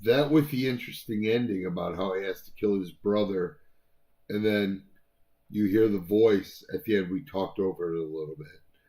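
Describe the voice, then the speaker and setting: A man's voice: sits low, moderate pace, warm tone. A man co-hosting a casual album review chat, talking in a rambling way with many fillers and restarts.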